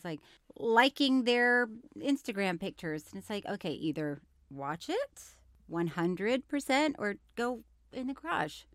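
A woman's voice: mid-range voice, no echo, studio quality. A woman co-hosting a podcast in casual, giggly chat that often trails off. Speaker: podcast co-host.

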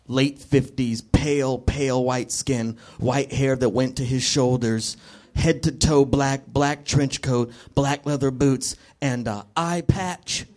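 A male comedian telling a stand-up story, animated and self-mocking, chuckling often. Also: mid-range voice. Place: comedy venue with an audience. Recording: live audience, noisy room.

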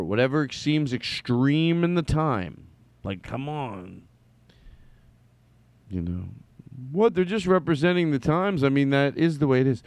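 A man's voice: medium pitch, smooth, no room sound. A man hosting a show, commenting on old commercials in a wry, rambling way with some swearing. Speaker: host. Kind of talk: casual commentary.

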